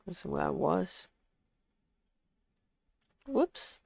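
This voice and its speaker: A woman hosting a casual live stream, chatting in a relaxed way and reading out viewer comments with frequent ums. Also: fairly low pitch, very slow, creaky, slightly rough, no echo.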